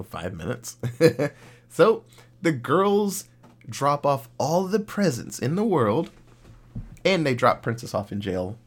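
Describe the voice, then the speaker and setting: A young man co-hosting a podcast, retelling a cartoon episode in a casual, profane, animated way. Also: medium pitch. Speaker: podcast co-host.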